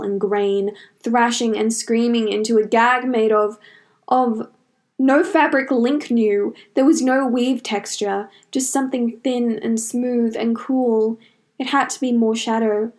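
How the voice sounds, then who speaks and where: A woman narrating a fantasy fanfiction story in a measured, dramatic storytelling manner. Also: a little high. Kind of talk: audiobook fanfiction reading.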